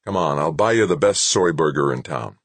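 A man's voice: extremely low pitch, animated, a little fast, dry recording, exaggerated voice. A man doing a big hearty reassuring fellow. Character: big cheerful reassuring red-haired man.

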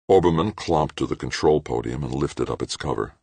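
A man narrating an audiobook in a steady, measured reading. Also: rumbling low, vocal fry, slightly rough, dry recording. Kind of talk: scripted narration.

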